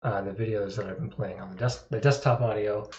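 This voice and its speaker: A man's voice: on the low side, fairly quick, a little mellow, slight background noise. A man chatting casually on his live stream, rambling with self-deprecating asides and chuckles. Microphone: desktop microphone. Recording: echoey, dull lo-fi sound.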